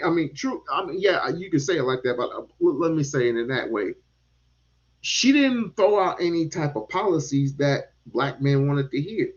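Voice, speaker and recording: A man talking politics in a casual chat, animated and given to repeating words and casual swearing. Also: high voice. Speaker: podcast host. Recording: dull lo-fi sound.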